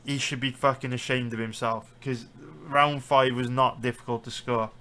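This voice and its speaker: A man's voice: mid-range voice, fairly even intonation, moderate pace, sharp tone. A man with a British accent, a sports betting streamer, ranting heatedly and swearing through live stream commentary. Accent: British English.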